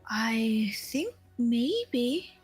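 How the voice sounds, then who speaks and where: Woman doing a floaty creepy seer girl, soft formal cryptic talk, kinda high, slow. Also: sing-song, husky, no echo, faint music behind, heavily acted. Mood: solemn. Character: eerie floating young female seer.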